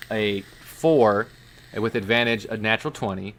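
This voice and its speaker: A man's voice: on the low side, moderate pace, a little hiss or hum. A man running a tabletop game as dungeon master, explaining rules and calling out dice rolls.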